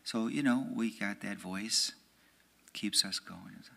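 A priest, an American man, giving a conversational homily in church. He keeps checking in with "right?" and sometimes drops to a hushed, near-whispered voice. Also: lowish voice, slow pace, gravelly. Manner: conversational, often asks "right?". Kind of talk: homily at a prayer meeting.

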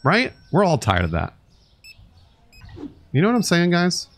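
A man streaming a store game and talking to his chat, sarcastic and grumbling with plenty of swearing. His pitch swings widely from low mutters to high outbursts, in casual live commentary. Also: wildly swooping pitch, a little slow, fairly bright tone. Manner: talks to chat and customers. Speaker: streamer playing a store sim.

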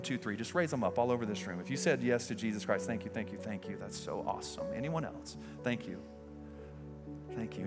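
A man's voice: fairly low pitch, big-room sound. A man preaching as a pastor, leading an altar call and prayer in an earnest, pleading way inside a large church. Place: large church sanctuary with balcony.

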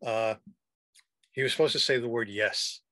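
A man's voice: mid-range voice, normal speed, pushed and bright, no room sound. A man hosting an interview, chatting casually and recounting a comedy show with loose restarts. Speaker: podcast host, interviewer.

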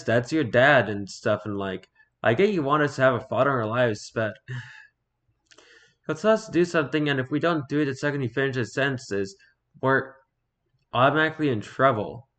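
A man's voice: medium pitch, a bit bright. Casual man reading stories aloud. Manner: reads haltingly, stumbles and repeats words, then comments offhand. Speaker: streamer reading online stories. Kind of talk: casual read-aloud with commentary.

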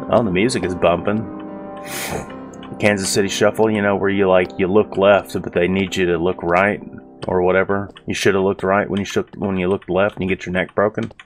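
A man giving casual, profane let's-play commentary with a rough-sounding voice, rambling and sarcastic. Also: low-pitched, level tone, brisk, faint music behind. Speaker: gaming video host.

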